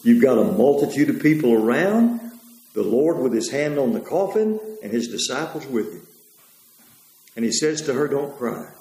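A man preaching a sermon in a rambling way, pausing on fillers and correcting himself as he goes. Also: mid-range voice, very animated, warm tone, reverberant, poor audio.

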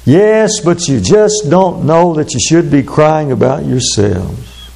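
Male pastor, raised-pitch gravelly voice, measured sermon delivery. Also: expressive, a little mellow. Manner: measured, drawn-out delivery with sudden fast asides. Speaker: preacher.

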